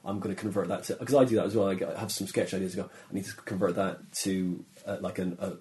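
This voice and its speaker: Rich: A man with a low, dark and mellow voice conducts a relaxed interview. He talks casually, often murmuring short agreements while his guest speaks. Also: quick pace.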